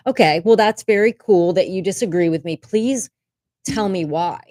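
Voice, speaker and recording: A woman's voice: medium pitch, normal speed, mellow, dry recording. A woman hosting a casual livestream from a room at home, chatting candidly, swearing casually and laughing often. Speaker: livestream host. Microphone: desk microphone.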